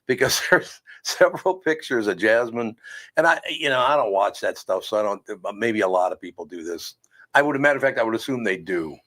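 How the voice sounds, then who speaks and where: A man's voice: lowish voice, expressive, brisk, fairly bright tone. Radio co-host, male, rambling storyteller, casual banter. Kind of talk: casual chat.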